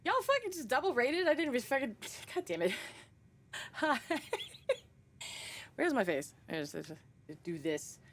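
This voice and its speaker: A woman's voice: high voice, very animated, a little slow, long pauses, a little hiss or hum. A young woman streaming a horror game, chatting casually with viewers, laughing often and swearing freely. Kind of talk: casual live-stream chat.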